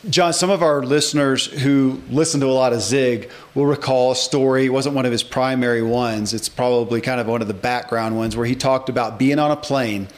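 A man's voice: medium pitch, fairly quick, few pauses. A man in his forties hosting a podcast interview, talking with enthusiasm and reading passages aloud from a book. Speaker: podcast host. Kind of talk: casual interview chat.

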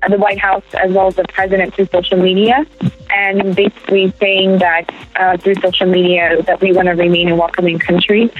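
A woman who leads a refugee charity, explaining earnestly and steadily in an interview. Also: on the low side. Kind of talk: interview answer. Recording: tinny phone-like line.

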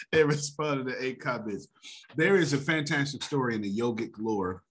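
Male host, motivational talk, wide-ranging animated delivery with a preacher's swing. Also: mid-range voice, normal speed. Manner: animated, preacher-like, laughs often.

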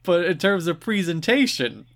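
An Irish man co-hosting a podcast, chatting casually and sarcastically about wrestling, laughing often. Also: high voice. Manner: animated, quick to laugh, sarcastic. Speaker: podcast co-host.

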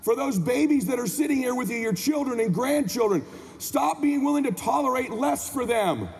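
High-pitched impassioned male speaker, gravelly. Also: lively intonation, moderate pace. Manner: impassioned, preaching to the crowd, asks the room questions. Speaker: motivational speaker. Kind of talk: motivational stage speech. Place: convention stage. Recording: long reverb of a convention hall.

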